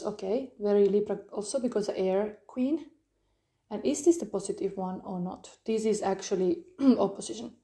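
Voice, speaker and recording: Mellow-voiced woman rambling through a tarot reading. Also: mid-range voice. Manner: rambling, searching for words, frequent fillers. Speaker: tarot reader. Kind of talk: live-streamed tarot reading.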